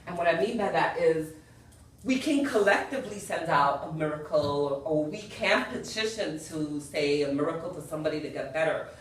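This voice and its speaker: A woman's voice: low-pitched, moderate pace, a little hiss or hum. A woman giving a spiritual lecture to a group, earnest, often checking in with "yes?" and "you know". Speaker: spiritual teacher. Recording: very echoey room, far from the mic.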